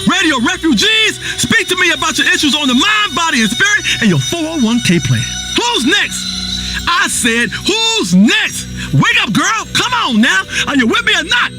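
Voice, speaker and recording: An actor playing an erratic, preachy self-styled spiritual doctor hosting a game's talk radio show, rambling, humming and suddenly shouting. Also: male voice, very high voice, very animated, moderate pace, over loud music. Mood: pushy. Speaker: radio health show host. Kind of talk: comedic talk radio acting.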